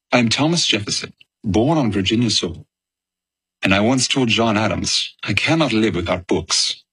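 A man playing a thoughtful, bookish statesman, speaking in a measured, reflective historical monologue. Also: fairly low pitch, fairly bright tone, breathy edge, no room sound, heavily acted, poor audio. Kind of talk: first-person historical monologue.

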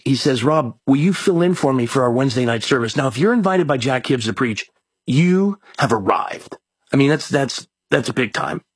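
In a medium-pitched, slightly rough voice with no room sound, a man who is both a mayor and a pastor tells a lengthy story conversationally. His telling is folksy and meandering, and he keeps repeating his words.

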